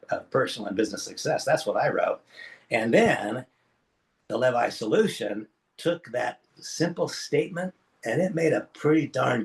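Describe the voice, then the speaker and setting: A man presenting a live online business training session, speaking emphatically and preacherly, with sudden jumps in pitch and loudness, and addressing his audience directly. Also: vocal fry. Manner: talks to the audience directly as folks.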